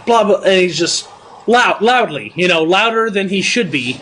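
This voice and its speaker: A man's voice: sits high, very animated, moderate pace, bright, forceful tone, slight background noise. A young man co-hosting a podcast, telling a profane story and laughing through it. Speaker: podcast co-host. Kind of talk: casual chat, storytelling.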